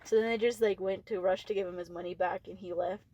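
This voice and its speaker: Relaxed young woman recounting a story. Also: mid-range voice, fast, lo-fi sound. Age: young adult. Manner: relaxed, matter-of-fact retelling with fillers. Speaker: podcast guest. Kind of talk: casual podcast storytelling.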